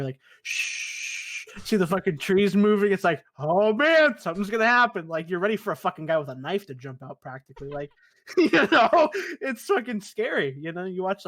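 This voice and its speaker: A man's voice: on the high side, dry recording. A young man co-hosting a podcast, chatting casually from his basement, cursing freely and calling everyone dude. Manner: laid-back, swears a lot, says dude. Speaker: podcast co-host. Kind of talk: casual chat. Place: basement room.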